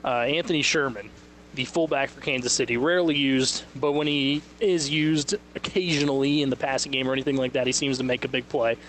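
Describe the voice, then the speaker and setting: Brief: male sports radio host, middle pitch, talks off the cuff, broadcasting live on location. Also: a little hiss or hum. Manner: animated, quick asides, mimics others' voices. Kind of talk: casual sports radio banter. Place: radio setup broadcasting live from a liquor store.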